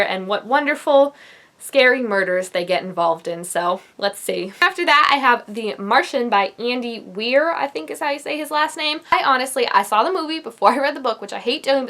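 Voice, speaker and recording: A woman's voice: on the high side, a bit bright. Gushing, chatty young woman book vlogger. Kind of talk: casual book review vlog.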